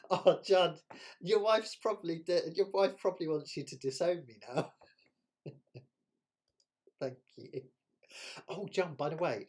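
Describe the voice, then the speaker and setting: A man's voice: fairly high pitch, a little mellow, husky. A man from the West Country of England with a West Country accent, hosting a live ukulele jam stream in a chatty, self-deprecating way and laughing often. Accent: West Country English. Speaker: ukulele teacher and jam host. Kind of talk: casual live-stream chat.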